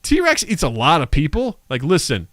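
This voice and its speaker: A man co-hosting a casual podcast, talking into a studio mic. His pitch swings widely as he tells rambling stories and acts out what others said. The sound is close and dry, with no room around it. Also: moderate pace, no echo. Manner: animated storyteller, full of "like" and retold dialogue. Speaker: podcast co-host.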